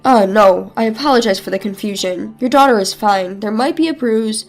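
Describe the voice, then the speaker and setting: A woman voicing a calm hospital doctor who apologetically reassures a worried mother. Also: medium pitch, moderate pace, soft background music, close to an everyday voice. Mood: reassuring.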